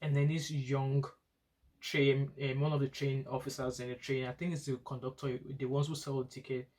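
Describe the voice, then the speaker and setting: A woman's voice: very deep voice, flat delivery, normal speed, darkish tone. A woman, a student nurse and mother, telling a long personal story in a casual vlog, rambling and often restarting her sentences. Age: adult parent of school-age children. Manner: rambling, frequent restarts and repetition.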